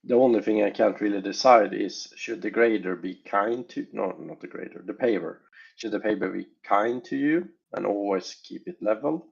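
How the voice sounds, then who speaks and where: A low-voiced man with a gravelly, husky tone explains his work as a game developer, pausing to weigh options as he talks. The recording is dull and lo-fi, with the top end missing. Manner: thoughtful, hesitant, weighing options aloud. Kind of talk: casual interview talk.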